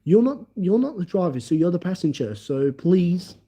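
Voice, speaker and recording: A man's voice: high voice, very animated, moderate pace, dark tone, pitched above the performer's own voice. A man voicing a condescending male police officer who lectures and talks down. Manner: talking down, lecturing.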